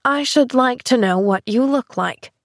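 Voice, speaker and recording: A woman's voice: fairly high pitch, measured pace, no room sound, pitched above the performer's own voice. Woman voicing a sour bedridden woman. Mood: grudging. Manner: sour and dry, grudging. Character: bitter, grudging bedridden woman of forty.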